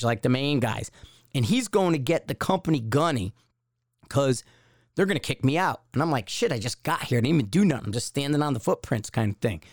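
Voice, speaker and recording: A man's voice: on the high side, no room sound, studio quality. A man hosting a podcast, telling a long personal anecdote in a casual, rambling way and acting out the voices of the people in it. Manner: rambling anecdote with acted-out quotes. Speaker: podcast host. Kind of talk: casual storytelling.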